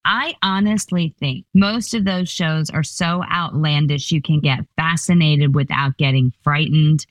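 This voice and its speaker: A woman in her fifties talks as a guest in an interview. Her voice sits low and sounds close and dry. She chats and laughs her way through stories. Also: unhurried, no room sound. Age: 50s. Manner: chatty, laughing, storytelling with playful voices. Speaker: comedian guest. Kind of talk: casual interview chat.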